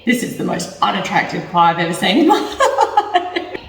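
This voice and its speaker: A woman's voice: on the low side, very animated, normal speed, very noisy. A woman chatting casually through a home cooking vlog, self-mocking and laughing often. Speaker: cooking vlogger. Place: home kitchen. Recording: echoey kitchen, mic at a distance.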